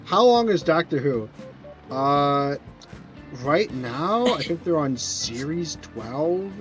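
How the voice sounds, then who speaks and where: A man streams a video game and chats casually, rambling through answers to viewers' questions and often restarting or correcting his sentences. His fairly high voice is very animated but slow. Music plays in the background, and the audio is poor.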